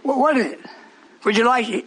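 A man's voice: very high-pitched, a little fast, sharp tone, a little hiss or hum. A man preaching a sermon to a live congregation, teasing and questioning them in call-and-response. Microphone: broadcast on shortwave radio.

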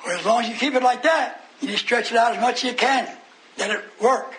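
A man's voice: extremely high pitch, fairly quick, fairly bright tone, slight background noise, poor audio. A man preaching a sermon, fervent and storytelling, often breaking into hallelujahs with his congregation answering. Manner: fervent, exclaiming hallelujah, call and response. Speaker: pastor.

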